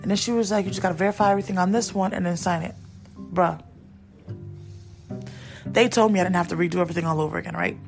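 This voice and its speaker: A woman's voice: lowish voice, creaky. A young adult woman venting in a blunt, frustrated storytime, repeating herself for emphasis. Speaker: vlogger.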